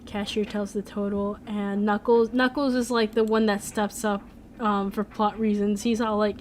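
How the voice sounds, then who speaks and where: A woman's voice: medium pitch, level tone, moderate pace, darkish tone. Give me a young woman chatting on a live stream, rambling, with a faint background hiss. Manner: rambling, full of "like" and "um". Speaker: streamer, animator. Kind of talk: casual live-stream chat.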